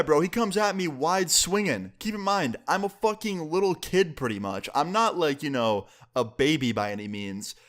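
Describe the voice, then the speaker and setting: A young man telling a profane storytime about school, with sudden jumps in pitch. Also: a bit bright. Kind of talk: casual storytime.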